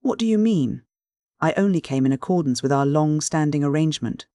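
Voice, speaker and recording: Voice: mid-range voice, lively intonation, a little fast, mellow, dry recording, studio quality, close to an everyday voice. A reader doing a wounded, angry Victorian suitor. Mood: indignant. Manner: stammering, pleading.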